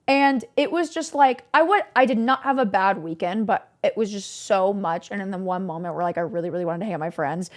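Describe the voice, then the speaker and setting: A woman's voice: medium pitch, lively intonation, a little fast, hardly any pauses. A young adult woman streamer telling a story to her chat in a rambling, candid way, with lots of "like" fillers and casual swearing.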